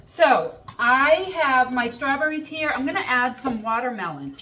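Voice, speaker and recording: A woman's voice: sits high, lively intonation, measured pace, noisy background. Chatty woman hosting a cooking demo. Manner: chatty, upbeat, addresses viewers directly with frequent "okay?". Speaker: cooking show host. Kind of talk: casual kitchen demonstration.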